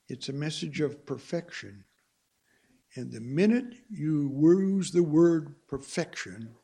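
Man, preacher, sermon, slow delivery, husky voice, emphatic questions. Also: a little high, darkish tone. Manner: emphatic, rising and falling preaching with rhetorical questions.

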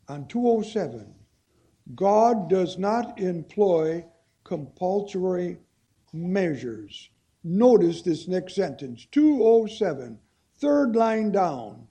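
A man preaching a sermon-style Bible study, reading texts slowly and deliberately, then pressing key phrases with emphasis. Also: high-pitched, warm tone, slightly rough.

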